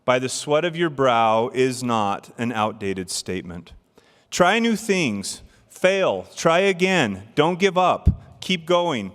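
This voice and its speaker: Man, middle-aged, devotional speaker, storytelling, rhetorical questions, mid pitch, long hall reverb. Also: very animated, slow, a bit bright. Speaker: church speaker. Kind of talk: devotional address.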